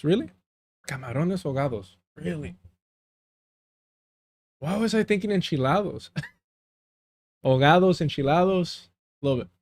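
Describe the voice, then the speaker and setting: A man at middle pitch hosts a live stream in casual, rambling chat. He tells long stories to his viewers, slips into Spanish phrases, and keeps losing his word mid-sentence. He grew up in the US–Mexico border region. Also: a little mellow, dry recording.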